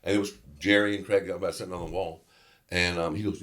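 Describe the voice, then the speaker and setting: A middle-aged man from Louisiana, a guest actor telling a story in an interview, animated and loose with conversational fillers. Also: sits low, racing.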